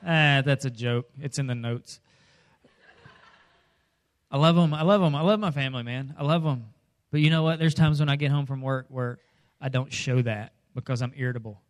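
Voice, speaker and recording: A middle-aged man delivers a comedic sermon with a light, jokey touch. He acts out little voices and scenes, then suddenly bursts into loud lines before settling back into plain storytelling. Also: mid-range voice, moderate pace. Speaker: preacher.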